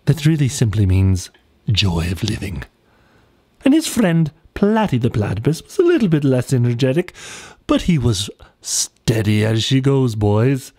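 A man narrates a children's cartoon story in a playful, whimsical way. His pitch swings very widely from line to line. The voice is recorded dry and close. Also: very animated, unhurried, a little mellow, dry recording.

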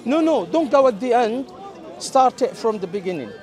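A man in an open-air debate, explaining points at length, cutting in on others and reciting Arabic verses quickly. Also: very high voice, expressive, a little mellow, some chatter behind. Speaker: street debater. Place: outdoor public park.

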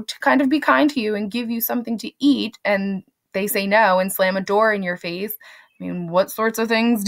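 This woman teacher has a creaky, mid-range voice. Chatting away with her students, she gives a relaxed spoken summary of a literary text, dropping in fillers and little asides as she goes.

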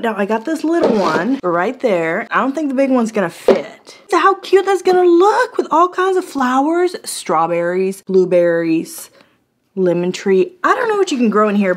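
A woman casually reviewing store finds for her vlog, bubbly and excitable, talking chattily with laughs and gasps. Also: on the high side. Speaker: product review vlogger.

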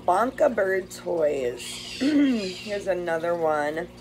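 A woman's voice: lowish voice, expressive, drawn-out words, a little mellow, a little hiss or hum, low-quality recording. A woman chatting casually while unboxing bird toys, gushing over them and talking to her pet birds at home. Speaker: bird rescue vlogger.

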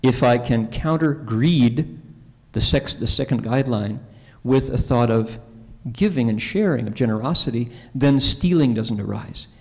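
A male Buddhist monk speaks at a conference, casual and conversational, often turning to the audience with questions. His voice sits at an ordinary middle pitch. Long reverb from a large convention hall hangs on every word. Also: unhurried, gravelly, a little mellow. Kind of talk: conference Dharma talk with storytelling.

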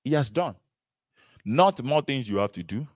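A man delivers a sermon with animated, repetitive emphasis and frequent rhetorical questions. His pitch rises and falls widely as he presses each point. The sound is dry, with no room echo. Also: normal speed. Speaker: preacher.

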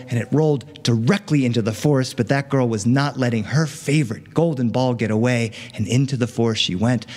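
Animated storyteller man in a hall. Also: mid-range voice. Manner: animated, playful asides to the audience. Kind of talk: live storytelling performance.

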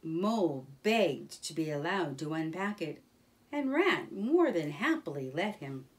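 A woman reading a children's storybook aloud in a gentle, expressive manner. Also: low voice, a little slow, far from the mic.

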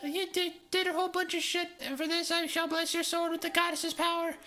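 A man's voice: very high-pitched, level tone, fairly quick, sharp tone, soft background music, voice pushed up. A man voicing a solemn young woman chosen by a goddess, giving grand, formal speeches in a let's play voice-over. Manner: grand, formal speeches broken by flustered asides.

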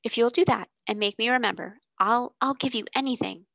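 A woman's voice: fairly high pitch, fairly quick, vocal fry, pushed and bright, dry recording, rough recording. A woman voicing a timid, anxious young schoolgirl in a storybook reading, with a fretful, pleading manner.

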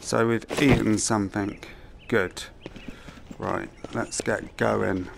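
A man's voice: fairly low pitch, little pitch movement, slow pace, creaky, background noise. A man thinking aloud to himself as he plays through a video game, giving let's-play commentary into a headset mic. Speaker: gamer.

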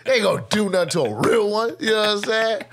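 A young man tells a story on a podcast with lots of energy, slipping into shouted impressions and laughing. His voice sits a bit high for a man, and he's speaking right up on a close studio mic. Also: fast talker, gravelly, slight background noise. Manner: lively, acts out drill sergeants and shouts, laughs often. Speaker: podcast guest, army veteran. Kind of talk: animated storytelling.

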